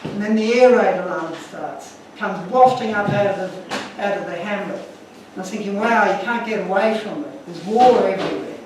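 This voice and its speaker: Man, earnest, emotional storyteller, high voice, distant mic, very echoey hall. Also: normal speed, hardly any pauses, noisy background. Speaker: speaker. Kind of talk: illustrated talk to an audience. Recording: echoey room from far off.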